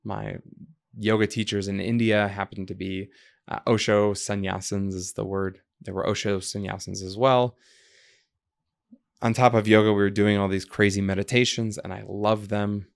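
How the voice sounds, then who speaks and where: A man's voice: lowish voice, normal speed, vocal fry. A man from the United States, a podcast guest, talking reflectively and telling stories in which he quotes people. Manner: reflective storyteller, quotes people in lively voices. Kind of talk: conversational interview.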